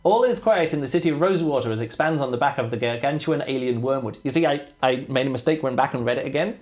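A man chatting casually about books as a podcast host. His speech rambles, circles back and restarts often, with unfinished sentences left trailing. His pitch sits in the middle range. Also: fast talker. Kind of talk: casual chat.

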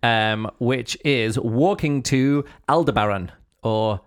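A man's voice: mid-range voice, lively intonation, brisk. A man hosting a book review podcast, chatting casually with lots of fillers and restarts. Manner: rambling, full of fillers and restarts. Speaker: podcast host.

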